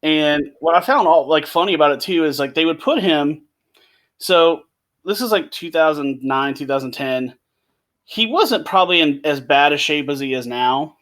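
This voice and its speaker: A man's voice: fairly high pitch, moderate pace. A man co-hosting a podcast in casual chat, telling stories with energy, swearing and acting out the quotes. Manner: animated storyteller, swears, acts out quotes. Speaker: podcast co-host.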